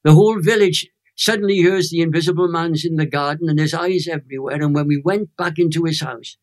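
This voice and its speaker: An elderly Welshman in his eighties speaks in a fairly high, lilting voice. He tells his testimony as an animated, emotional storyteller, leaning into each turn of the story. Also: fairly quick. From Wales. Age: 80s. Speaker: guest, Christian minister.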